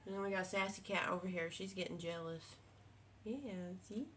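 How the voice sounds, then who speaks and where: A woman's voice: mid-range voice, steady tone, moderate pace, fairly bright tone, a little hiss or hum. A woman, a quilting vlogger chatting casually at home, rambling with many fillers and restarts. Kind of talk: casual chat. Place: home with cats.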